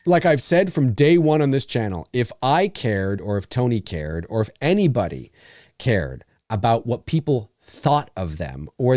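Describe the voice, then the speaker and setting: A man in his forties chats casually on a live show, his pitch rising and falling a lot. He reads out viewer messages and wanders through half-finished thoughts. The sound is dry and close, with no room echo. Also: warm tone. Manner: rambling, searching for names mid-sentence. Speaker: podcast co-host reading live chat. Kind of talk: casual live commentary chat.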